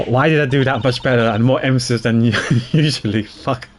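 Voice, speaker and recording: A man's voice: medium pitch, normal speed, hardly any pauses, soft background music. Chatty self-mocking male streamer. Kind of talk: casual livestream commentary.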